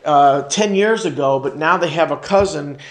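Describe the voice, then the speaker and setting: An American man with a fairly high voice teaches a church ministry class like a sermon, speaking at a moderate pace in an echoey room. He repeats key phrases and invites the room to respond.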